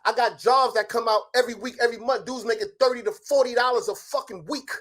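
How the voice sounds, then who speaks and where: A middle-aged man in a heated argument as a show guest, ranting loudly with lots of profanity and rapid challenges. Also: extremely high pitch, fairly even intonation.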